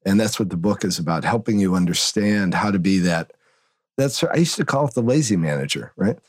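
A man from Northern Illinois, a guest on a podcast interview, telling stories in an animated way with big swings in pitch. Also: brisk, dry recording. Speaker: guest, agency consultant and author.

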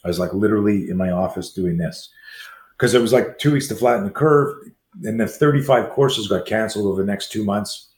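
Lively storytelling man in his sixties. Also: on the low side, slight background noise. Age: 60s. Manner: acts out quoted dialogue, fast lively delivery. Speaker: self-defense trainer and guest. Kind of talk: animated storytelling in conversation. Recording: roomy echo with faint ambience.

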